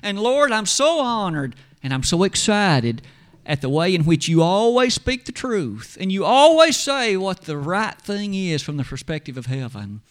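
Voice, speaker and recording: A man's voice: sits high, very animated, moderate pace. A man acting out an earnest churchgoing woman who pleads with Jesus about her friends. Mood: pleading.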